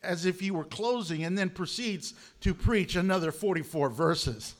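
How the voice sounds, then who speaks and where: High-voiced animated male preacher. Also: normal speed. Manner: animated, humorous preaching with acted quotes. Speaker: pastor. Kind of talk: sermon.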